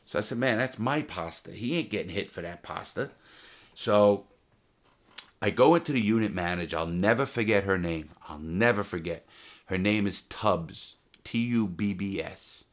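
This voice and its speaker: A former jewel thief telling his prison stories in a casual, profane, animated way, full of restarts. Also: sits low, normal speed. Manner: profane, animated, heated retelling with many restarts. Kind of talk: casual storytelling to camera.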